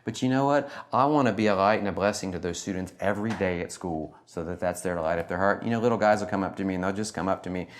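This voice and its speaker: A middle-aged man with a fairly low voice gives a relaxed talk to a live audience. He is animated and self-deprecating, and often laughs at his own jokes. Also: fast, few pauses, a little hiss or hum. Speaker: teacher and speaker.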